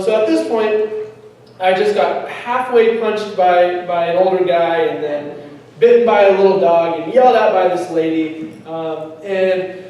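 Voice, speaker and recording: A young man telling a lively testimony story at church, chatty and laughing often. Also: high-pitched. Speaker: youth speaker. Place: church hall. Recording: echoey hall from far off.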